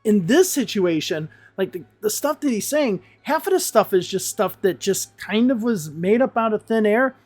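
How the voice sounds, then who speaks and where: A woman's voice: mid-range voice, animated, normal speed, few pauses, a little mellow, soft background music. A woman English teacher giving casual reaction commentary, blunt and exasperated and swearing freely.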